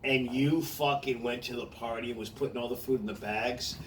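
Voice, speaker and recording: A man's voice: medium pitch, brisk. Casual male comic, swears a lot, laughs through his stories, slightly distant mic with light hiss. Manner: profane, laughing, animated storyteller. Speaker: comedian. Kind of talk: casual chat. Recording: distant mic with faint noise.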